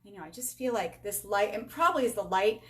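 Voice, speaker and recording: A woman's voice: mid-range voice, animated, fast. A woman in her forties giving a casual live-stream makeup tutorial, chatty and upbeat, talking to herself and her viewers as she works. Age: 40s. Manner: chatty, talks to herself and viewers while working; upbeat, self-teasing. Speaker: beauty sales rep demonstrating makeup. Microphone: camera with a halo light.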